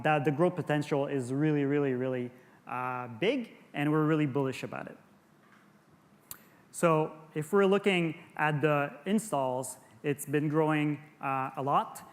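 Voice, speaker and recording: A fairly high-voiced man with a French Canadian accent presents at an industry conference. He stumbles, restarts and repeats words as he goes. His voice rings with the long reverb of a large hall. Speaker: conference speaker.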